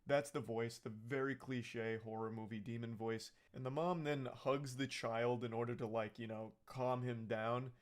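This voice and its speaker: A man of middle pitch recaps a film in a loose, comedic way. He rambles with lots of "like" and curses freely. His tone stays sarcastic and mocking throughout. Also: fairly even intonation, normal speed, hardly any pauses. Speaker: movie recap commentator. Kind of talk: casual comedic movie recap.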